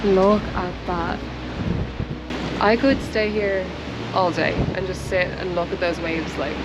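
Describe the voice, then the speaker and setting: Young Irish woman, chatty vlog host, clear wind noise behind her. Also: fairly low pitch, steady tone, slow pace. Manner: bubbly, chatty, laughs often. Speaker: travel vlogger. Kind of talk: casual travel vlog narration. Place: outdoors on a windy coast and in a camper van.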